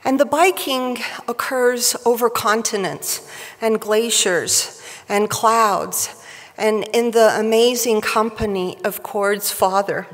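A woman giving a prepared tribute speech at a professional society event, with a wry, measured delivery, at a podium microphone in a large hall. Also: on the high side. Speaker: speaker at a surgical society event. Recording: reverberant hall.

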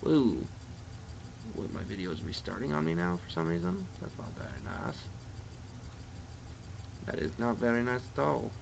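A man's voice: lowish voice, expressive, normal speed, vocal fry, long pauses, muffled recording, background noise. A young Canadian man with a Canadian accent, chatting to viewers while he plays a racing game live. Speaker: let's play streamer.

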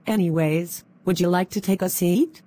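A woman's voice: lowish voice, moderate pace, mellow, slight background noise, close to an everyday voice. A synthetic female voice playing a firm schoolteacher in a cartoon. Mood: stern. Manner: firm, warning tone. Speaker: teacher.

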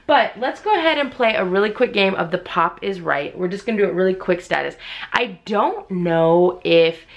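Low gravelly woman chatting through an unboxing. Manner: chatty, talks straight to viewers, bursts into squealing excitement. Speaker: unboxing vlogger. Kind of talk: casual unboxing commentary. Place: at home indoors with others asleep.

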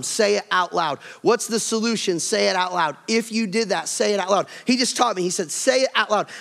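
A man preaching a sermon as pastor, animated, acting out everyday quarrels with a rising voice. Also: sits high. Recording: long hall reverb.

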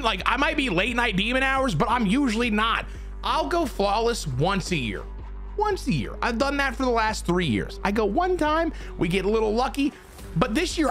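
Excitable, swearing young gaming streamer man. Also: high-pitched. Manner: excitable, swearing, talks to himself and his viewers. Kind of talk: live gameplay commentary.

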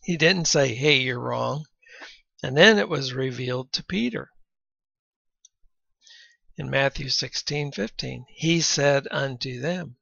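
A man giving a Bible teaching lecture, reading scripture aloud between explanations and often clearing his throat, on a dull lo-fi recording. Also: mid-range voice, animated, slow, long pauses, sharp tone, dry recording.

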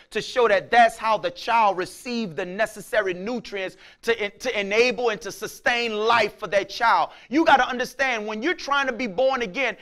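A male pastor preaching with a high voice. He calls out scripture with fervor and keeps returning to "Praise the Lord." At times he drops to a low, quiet prayer. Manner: impassioned preaching, shouting out scripture; repeats "Praise the Lord" between points. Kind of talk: sermon.

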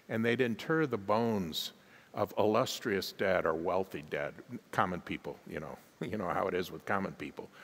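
A man's voice: lowish voice, breathy edge. A man preaching a sermon as a guest pastor in a large church, emphatic, chuckling at his own asides and calling on the congregation to answer. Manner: emphatic, calls on the congregation to respond. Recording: long hall reverb in a church.

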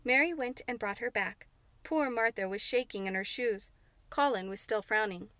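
A woman reading a classic children's novel aloud in steady, clear narration. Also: fairly high pitch, normal speed, no room sound. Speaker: audiobook reader. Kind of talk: scripted narration.

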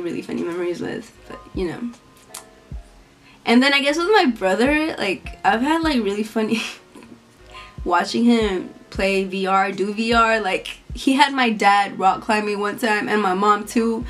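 A young woman, a college student, chatting casually in a Q&A vlog, talking a lot, filling her speech with "like", giggling and acting out the voices of people she quotes. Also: on the high side. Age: young adult. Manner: talkative, fills every phrase with "like". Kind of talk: casual Q&A chat.

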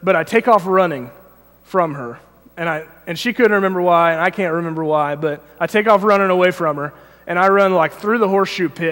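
High-voiced young man preaching in a reverberant hall. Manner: storytelling, halting restarts, animated when telling the story. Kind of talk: informal sermon with personal story. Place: church sanctuary. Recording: long church hall reverb.

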